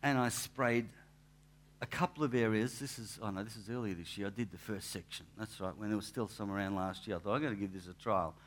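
A man, a pastor giving a relaxed, anecdotal sermon in church, with asides and restarts. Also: fairly low pitch, fairly quick. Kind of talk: conversational sermon.

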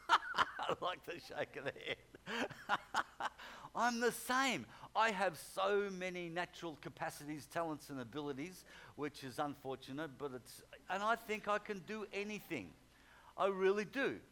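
A man's voice: fairly high pitch, expressive, measured pace, bright, forceful tone, a little hiss or hum. A man preaching a sermon in a conversational way, often repeating phrases for emphasis.

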